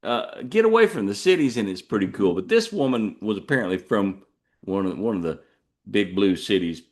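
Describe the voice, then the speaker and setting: Texan man, low-ish voice, folksy rambling storyteller with digressions. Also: lively intonation, fairly quick. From Texas. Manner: folksy, digressive, drawling asides. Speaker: podcast host.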